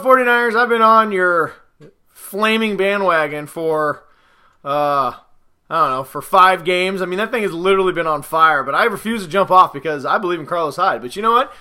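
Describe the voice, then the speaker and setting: A man's voice: high voice, bright, forceful tone. A man casually rambling through his football picks, joking and sarcastically trash-talking players and teams. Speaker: podcast host giving football predictions.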